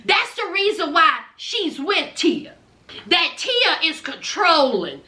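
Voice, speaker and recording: A chatty woman recaps a reality show with plenty of sass and frequent laughter. Her voice sits very high and sounds sharply bright. She talks at an unhurried pace. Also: very animated, reverberant. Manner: sassy, chatty, laughs often, calls viewers honey and y'all.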